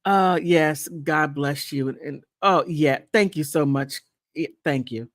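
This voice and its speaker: A woman hosting a casual livestream, chatting playfully and thanking viewers, with high laughs and quiet, sincere asides. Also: slow pace, dry recording, studio quality. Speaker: content creator hosting a livestream. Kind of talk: casual livestream chat reacting to gossip and viewer comments.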